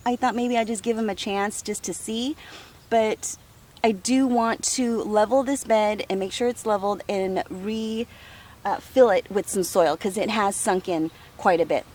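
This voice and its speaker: A woman giving a casual, enthusiastic tour of her farm garden outdoors, talking warmly and laughing often. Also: medium pitch, steady tone, a little slow. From United States.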